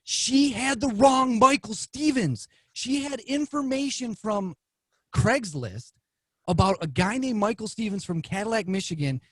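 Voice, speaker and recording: Guy with a husky voice, kinda high, telling a crazy story on a podcast, gets animated doing the quotes. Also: measured pace, no echo. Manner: animated, acts out quoted lines with rising pitch. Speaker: podcast guest, TV weatherman. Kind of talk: casual storytelling.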